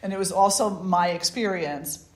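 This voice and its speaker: A woman's voice: fairly low pitch, moderate pace, darkish tone. A woman spiritual teacher telling a personal story at a gathering, in a conversational way with many restarts and asides. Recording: echoey room.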